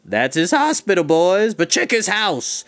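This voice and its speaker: A man voicing a grand, eerie male Halloween spirit who calls out in booming, drawn-out lines in a read-aloud storybook. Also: big pitch swings, fairly bright tone, heavily acted. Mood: grandly calling.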